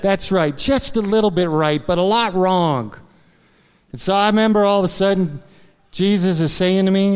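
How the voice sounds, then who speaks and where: A man's voice: sits high, animated, normal speed, smooth, in a large hall. A man preaching a sermon in a church, telling a candid personal story and checking in with the congregation with frequent asides. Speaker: pastor. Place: church sanctuary.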